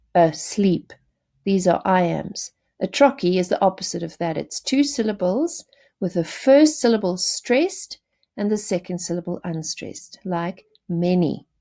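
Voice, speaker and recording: A woman's voice: medium pitch, warm tone. A woman teacher giving a patient poetry lesson, explaining terms with small restarts.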